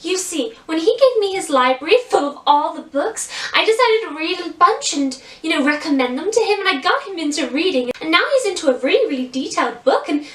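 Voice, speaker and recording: A sweet, dainty princess with an American accent, as a woman puts her on, her voice high, girly and glitzy. She talks to children with elegant charm. The sound rings in an echoey room, picked up from a little way off the mic. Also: animated, brisk, few pauses, fairly bright tone, far from the mic. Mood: sweet, chatty.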